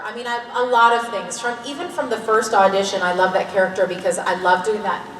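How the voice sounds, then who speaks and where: A woman's voice: medium pitch, brisk, hardly any pauses, a crowd in the background, background noise. Joking Canadian woman in an echoey hall. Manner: animated, joking, candid. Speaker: panel guest actor. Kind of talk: convention panel Q&A. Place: large convention hall. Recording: echoey hall recording from far off.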